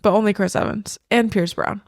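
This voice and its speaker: A woman's voice: medium pitch, steady tone, brisk, dry recording. Young female podcast co-host, hesitant, trails into murmurs, dry mic. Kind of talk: casual book club chat.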